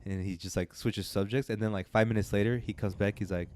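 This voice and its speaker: A man co-hosts a podcast in relaxed, casual chat. His voice sits low and sounds smooth and clean. He rambles and restarts as he retells a story, and the recording is dry with no room sound. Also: fast talker, few pauses, dry recording. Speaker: podcast co-host.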